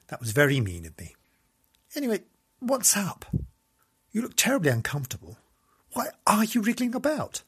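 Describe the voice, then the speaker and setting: Camp, theatrical man, swooping pitch. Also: big pitch swings, moderate pace, pauses often, breathy edge. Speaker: podcast host. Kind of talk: comic monologue podcast.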